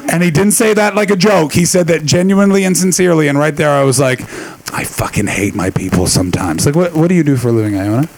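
A man's voice: on the high side, fast, gravelly, hardly any pauses, rough recording. A man doing a stand-up set before a live audience, telling profane rambling stories and teasing the crowd. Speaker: stand-up comedian.

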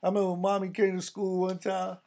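A middle-aged man from the Bronx, telling animated stories in casual chat and acting out the people he quotes. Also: high voice, quick pace. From the Bronx, New York. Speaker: storyteller in a casual conversation.

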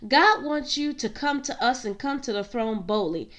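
High-voiced woman preaching a fervent sermon. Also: expressive, moderate pace, a bit bright. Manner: fervent, addresses listeners as saints and queens.

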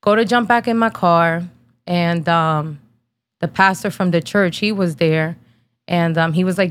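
A woman's voice: on the low side, normal speed. A woman in her thirties, from New Jersey, hosting a podcast and telling a personal story in a blunt, casual, slangy way, swearing freely and holding back tears. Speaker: podcast host.

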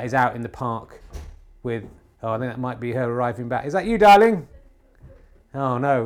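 A man hosting a podcast, doing mock snooker commentary at home in a deadpan ironic way, rambling with many filler pauses. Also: mid-range voice. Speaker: podcast host. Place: home TV room.

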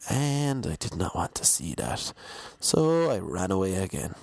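An Irish man in a rambling comic monologue, deadpan and self-mocking, talking in a monotone. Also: deep voice, a little slow, gravelly, dry recording.

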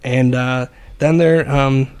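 A man's voice: medium pitch, takes it slowly, clear, resonant tone. A man hosting a podcast, chatting casually about a horror film with crude jokes. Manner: relaxed, crude joking. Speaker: podcast host.

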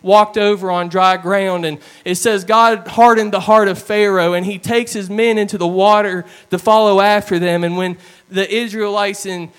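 A man delivers a sermon in a fairly high, smooth and clear voice. He tells his stories in an earnest, plain way, sometimes slowing down for weight. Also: steady tone, a bit bright. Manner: earnest storytelling with plain retellings. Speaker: preacher.

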